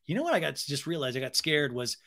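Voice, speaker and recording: A man's voice: on the high side, fast talker. A young adult man hosting a comedy podcast, recapping reality TV with rambling asides and acted-out quotes. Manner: animated, acts out quotes in funny voices. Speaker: podcast host.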